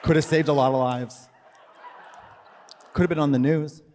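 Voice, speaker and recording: A man riffing in live comedy-podcast banter, his voice sitting a bit high and trailing off into fillers and curses. He is recorded on stage with a long reverb tail from the hall and a faint hiss underneath. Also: fairly even intonation, moderate pace, a little mellow. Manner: rambling, lots of fillers and swearing. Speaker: co-host. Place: live stage show in a venue.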